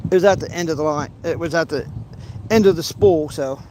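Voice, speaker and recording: High-voiced man rambling while fishing. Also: a little fast, mellow, slight background noise. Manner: rambling, restarts often, playful teasing. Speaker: fishing livestreamer. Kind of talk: casual livestream chat while fishing. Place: outdoors by a pond.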